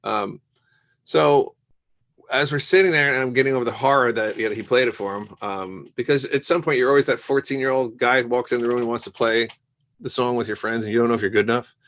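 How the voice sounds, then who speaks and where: A man telling stories as a guest on a casual podcast interview, lively and acting out the voices of people he quotes. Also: mid-range voice, fast. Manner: animated storyteller who acts out quoted voices. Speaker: musician guest.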